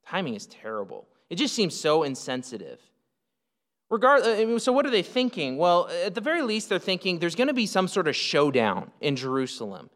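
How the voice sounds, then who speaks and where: Conversational preacher in a reverberant hall. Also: male voice, sits high, very animated, moderate pace, fairly bright tone. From United States. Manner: conversational, with fillers and asides. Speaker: pastor. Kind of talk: sermon.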